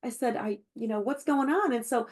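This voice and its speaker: A woman's voice: on the high side, a little fast, a little mellow. A woman giving an encouraging sales team training over a video call, chatty and full of fillers. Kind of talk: virtual team training talk.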